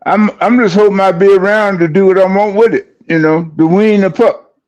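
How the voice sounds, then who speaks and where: An older man with a gruff, blunt way of talking, peppering his speech with curses. His voice runs notably high for a man. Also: steady tone, normal speed, a little mellow, lo-fi sound. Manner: gruff, cursing, blunt interjections. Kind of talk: casual chat.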